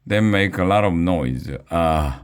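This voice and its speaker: A man with a very low voice reads a children's chapter book aloud. His delivery is slow and deliberate, each phrase laid out evenly. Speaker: reader.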